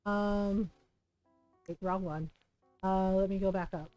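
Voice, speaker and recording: A woman's voice: mid-range voice, fairly even intonation, slow, dark tone, no room sound, soft background music. A woman streamer chatting casually and rambling through stories while playing. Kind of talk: casual gameplay chat.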